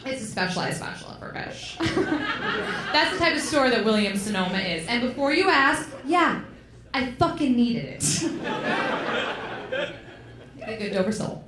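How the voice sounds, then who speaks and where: A woman's voice: high-pitched, big pitch swings, a little slow, pauses often, heavy background noise. A woman performing a chatty stand-up comedy set on a club stage, swearing and throwing in um fillers. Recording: echoey club with crowd laughter. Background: laughing audience.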